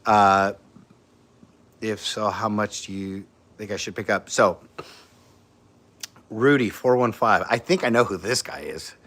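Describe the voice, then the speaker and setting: A man's voice: fairly low pitch, unhurried, long pauses, a bit bright. Laid-back rambling man on a livestream. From San Francisco area. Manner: rambling, many fillers and restarts, laid-back. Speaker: livestream host. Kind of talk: casual livestream chat answering comments.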